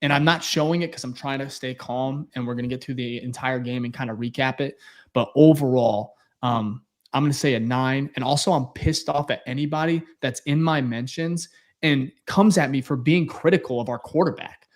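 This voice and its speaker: A man's voice: mid-range voice, moderate pace. A young man co-hosting a sports podcast, venting bluntly and swearing as he breaks down a loss. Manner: frustrated, blunt, swears, repeats himself. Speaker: podcast co-host. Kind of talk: heated post-game podcast rant.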